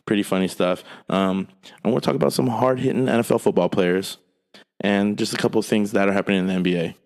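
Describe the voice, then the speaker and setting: Gravelly, low-voiced man co-hosting. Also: fast talker, a little mellow. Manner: laid-back banter, running the show's segments. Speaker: podcast co-host; coach. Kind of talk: casual chat.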